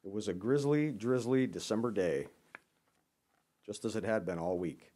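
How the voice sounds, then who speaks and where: Deep-voiced man reading a bedtime story. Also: normal speed, dark tone. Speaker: Santa storyteller. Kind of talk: storybook read-aloud.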